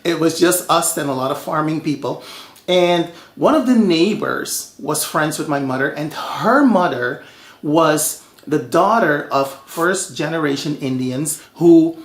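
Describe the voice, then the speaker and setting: A man from Suriname hosting a home cooking show, telling stories in a lively, chatty way. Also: fairly high pitch, echoey room. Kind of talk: casual cooking show talk.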